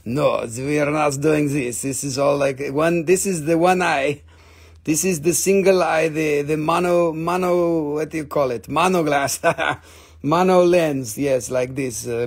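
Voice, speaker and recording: Man, live rock-sale host, joking, rambling, slightly high voice. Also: darkish tone. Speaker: host of a live rock and mineral sales stream. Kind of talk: casual live sales chat.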